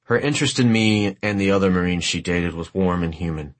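A man reading a war memoir aloud as an audiobook narrator, in a measured, literary and wry way. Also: low voice.

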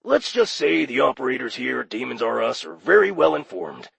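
A man voicing a friendly male demon phone operator with a raspy voice and chummy customer-service patter, in an audiobook. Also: mid-range voice, big pitch swings, a little fast, a bit bright, no room sound, pitched above the performer's own voice, heavily acted. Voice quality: raspy, gravelly. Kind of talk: audiobook character voice.

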